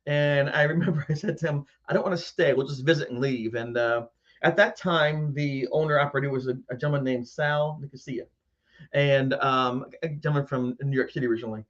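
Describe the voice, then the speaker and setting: A man's voice: mid-range voice, brisk, lo-fi sound. A man host telling a personal ghost story to a live audience, acting out his own frightened reactions. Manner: animated storyteller, acts out his own scared voice.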